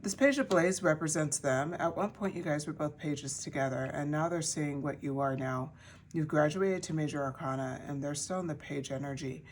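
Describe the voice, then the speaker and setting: A woman's voice: deep voice, moderate pace, slight background noise. A woman giving a pick-a-card tarot reading to her viewers in a chatty way, with many fillers and restarts. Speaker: tarot reader.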